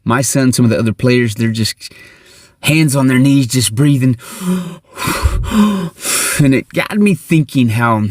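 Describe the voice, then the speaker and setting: A man's voice: medium pitch, normal speed, darkish tone, dry recording. Earnest, blunt middle-aged man, dry sound. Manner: earnest, blunt, swears casually. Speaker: host. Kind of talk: motivational monologue.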